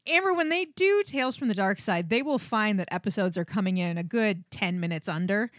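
A woman co-hosting a casual podcast chat, lively and teasing, laughing often. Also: mid-range voice, brisk, no room sound, studio quality. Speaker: podcast co-host.

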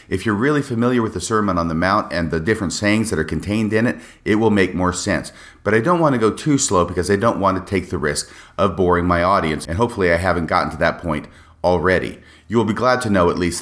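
A man hosting a solo podcast, explaining scripture passages in a measured way with wry asides. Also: low voice, a bit bright. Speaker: podcast host.

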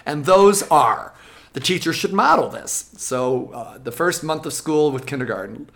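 Music teacher explaining lessons, lively, acts out the classroom bits. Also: medium pitch, measured pace, gravelly. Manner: lively, switches into acted classroom voices. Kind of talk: explanatory interview talk.

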